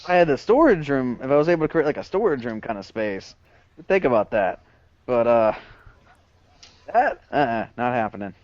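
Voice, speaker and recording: A man's voice: mid-range voice, very animated, normal speed, darkish tone, no echo, dull audio. A man playing a tabletop game with friends, chatting casually and joking around. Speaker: player.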